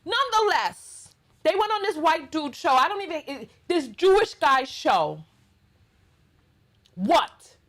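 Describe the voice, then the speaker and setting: A woman's voice: high voice, very animated, moderate pace, fairly bright tone. A middle-aged woman with a New York accent hosting a blunt, sassy reaction commentary monologue. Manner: sassy, blunt, emphatic ranting. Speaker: commentary channel host.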